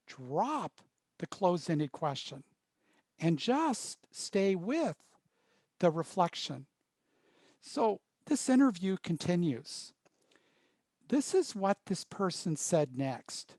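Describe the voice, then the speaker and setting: A man leading an online training workshop by video call, coaching in a measured, deliberate way. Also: sits high, big pitch swings, a little mellow, dry recording. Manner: slow, measured, coaching delivery. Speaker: workshop facilitator.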